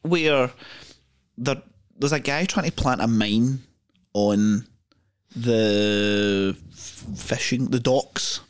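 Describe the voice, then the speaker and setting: A man's voice: mid-range voice, drawn-out words, clean tone. A man co-hosting a film podcast, thinking aloud in rambling, restarting sentences. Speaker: podcast co-host. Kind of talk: casual film chat.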